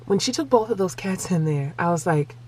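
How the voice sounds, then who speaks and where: A woman vlogger and single mother, telling a family story in a casual, animated way and sometimes acting out voices. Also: lowish voice, brisk, slightly rough. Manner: animated, acts out voices, laughs through the telling.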